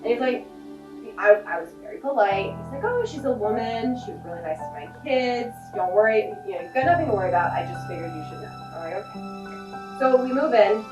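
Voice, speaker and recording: Woman, animated storyteller, quotes people in different voices, distant mic, music in background. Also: medium pitch, fast. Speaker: homeowner. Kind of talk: casual storytelling interview. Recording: echoey room heard from a distance, music behind.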